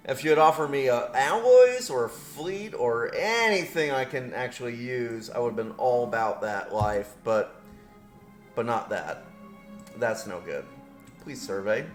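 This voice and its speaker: A man's voice: medium pitch, expressive, measured pace, soft background music. A man casually commentating his strategy game with his headset on, rambling and correcting himself, laughing often. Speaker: gameplay commentator. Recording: roomy echo.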